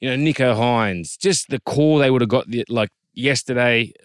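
An Australian man in his thirties, a former rugby league player telling an animated story in casual chat, quoting others in lively voices. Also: medium pitch, normal speed, clear, resonant tone, dry recording, studio quality.

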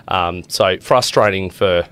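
A man's voice: low voice, takes it slowly, fairly bright tone, smooth. An Australian man presenting the news on breakfast radio, chatty and loose with plenty of ums and uhs between items. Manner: reads news casually with filler words and banter.

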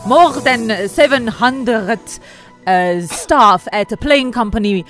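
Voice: medium pitch, takes it slowly, fairly bright tone, soft background music. A person playing a touchy foreign correspondent, stammering and defensive.

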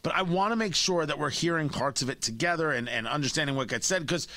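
A man's voice: fairly high pitch, animated, fast, bright, forceful tone, dry recording. A man hosting a talk radio show, giving opinionated, mocking commentary from a studio microphone.

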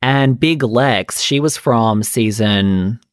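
A man hosts a podcast in a loose, gossipy chat, his talk studded with "like" and quick asides. His voice sits at an ordinary middle pitch. The sound is dry and close, with no room around it. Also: clear, resonant tone, no room sound. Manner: chatty, gossipy, lots of "like" fillers. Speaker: podcast host.

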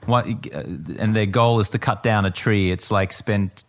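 A man co-hosting a podcast in casual chat, reflective, thinking out loud. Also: fairly low pitch, fairly even intonation, normal speed.

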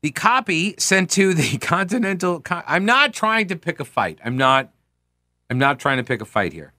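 Male talk radio host, pitched a bit high, theatrical when reading old documents aloud. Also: normal speed, no echo. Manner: animated, reads history aloud with mock grandeur.

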